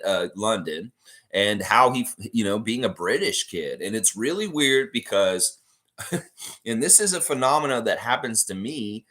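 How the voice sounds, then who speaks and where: A man hosts a casual livestream, his voice sitting a little low. He rambles in a loose, relaxed way and stops now and then to read viewer comments aloud. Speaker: livestream host.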